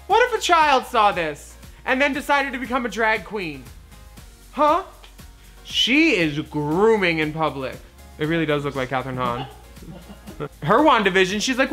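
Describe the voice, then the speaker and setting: A man's voice: high voice, pushed and bright. A man in his forties hosting a comedy show, giving raunchy, profane, mocking commentary on videos. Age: 40s.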